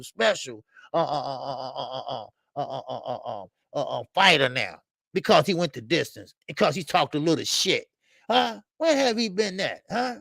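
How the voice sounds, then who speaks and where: His voice sits high and gravelly as he hosts a live boxing talk show, greeting viewers in the chat by name. He speaks casually with animated emphasis, lots of street slang and plenty of fillers. The recording is dry and of studio quality.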